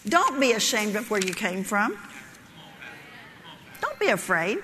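A woman's voice: mid-range voice, very animated, measured pace, in a large hall, noisy background. A woman preaching a sermon, telling a folksy joke story and laughing at her own lines.

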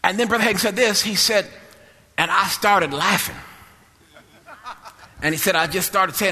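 Loud, sing-song preacher man. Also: high voice, moderate pace, long pauses, long reverb tail. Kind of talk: sermon.

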